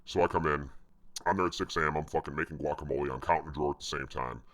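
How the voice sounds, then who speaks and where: A man's voice: extremely low pitch, fairly even intonation, rapid-fire, fairly bright tone. A man casually telling rambling, profane stories from his restaurant job. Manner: profane, rambling, self-mocking. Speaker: vlogger telling work stories. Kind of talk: casual storytelling.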